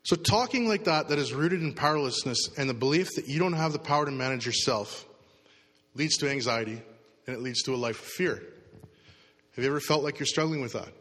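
Male pastor, conversational sermon, acts out inner voices, bright tone, big hall reverb. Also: mid-range voice, fairly quick. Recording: long reverb of a large hall.

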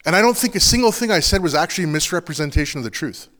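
A man's voice: fairly high pitch, animated, racing, fairly bright tone. Earnest man preaching in a reverberant hall. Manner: earnest, confessional, conversational with many "like"s. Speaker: pastor. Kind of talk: sermon.

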